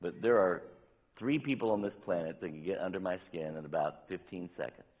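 Gravelly-voiced pastor preaching, tinny sound. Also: male voice, low-pitched, a little fast. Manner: candid, conversational preaching with quoted asides. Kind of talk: sermon.

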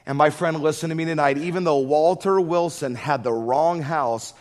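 A man's voice: on the high side, moderate pace, a little mellow. A middle-aged man preaches, spinning a folksy story in a slightly raised voice. He builds to fervent emphasis as he makes his point about prayer. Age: middle-aged or older. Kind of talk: storytelling sermon.

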